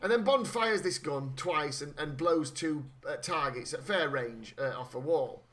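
A man from Britain recaps a film in casual chat, his voice high and his tone bright. He is animated, swears freely and often stumbles and restarts his sentences. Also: a little slow.

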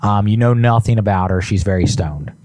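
A man co-hosting, tossing in low-key crude asides. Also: fairly quick, a little mellow. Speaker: co-host.

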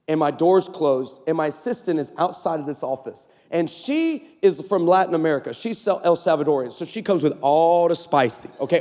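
A man preaching a sermon at a conference, telling stories and building to shouts. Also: sits high. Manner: storytelling, animated, rising to shouts. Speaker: pastor. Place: conference stage in a large hall. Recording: echoey large hall.

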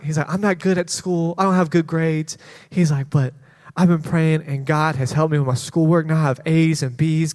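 Animated man telling church stories. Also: a little high. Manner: animated storytelling with quoted voices and laughter. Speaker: children's pastor. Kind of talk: sermon testimony. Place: church sanctuary. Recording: long hall reverb.

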